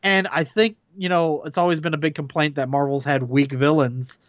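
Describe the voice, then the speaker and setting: A man's voice: a little high, moderate pace, no echo. A man co-hosting a podcast, chatting casually and reviewing a film with plenty of fillers. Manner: relaxed, filler-heavy opinions. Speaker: podcast co-host. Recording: dull dry lo-fi sound.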